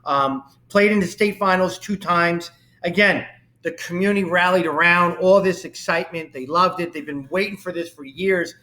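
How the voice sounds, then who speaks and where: A high-voiced man hosts a sports talk interview. He runs through his guest's career numbers with eager enthusiasm. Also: moderate pace, bright, forceful tone. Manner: enthusiastic, reads off career stats. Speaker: show host. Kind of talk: interview podcast.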